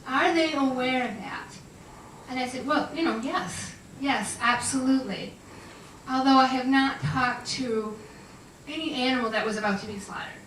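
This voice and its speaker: A woman, an animal communicator, tells animated, laughing stories to an audience. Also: high voice, moderate pace, slight background noise. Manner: chatty, laughing, animated storyteller. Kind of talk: storytelling talk to an audience. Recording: distant, echoey room sound.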